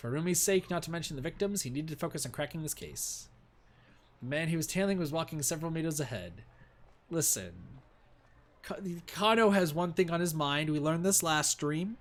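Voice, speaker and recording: A man streaming a game, reading its narration aloud and reacting in a playful, animated way. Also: fairly high pitch, a little fast. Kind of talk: narrating and reacting to a visual novel.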